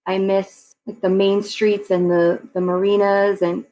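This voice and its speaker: A woman's voice: mid-range voice, little pitch movement, a little slow, dark tone, rough recording. A woman in her forties from Long Island, guest on a podcast, chatting casually and laughing often. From Long Island, New York. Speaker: real estate agent, podcast guest. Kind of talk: casual interview chat.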